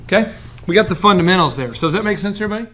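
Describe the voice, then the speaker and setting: A man coaching a room of business owners, animated and joking, often acting out the voices of people he describes. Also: sits high, very fast, faint music behind. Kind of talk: coaching workshop talk.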